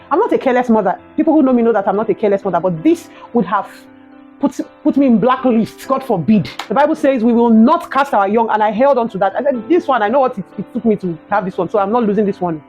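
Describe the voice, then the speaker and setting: A young adult woman with a Nigerian accent, telling a personal story in a vlog, animated and emotional, ending in prayerful encouragement. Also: fairly high pitch, fast, soft background music, rough recording. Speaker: vlogger.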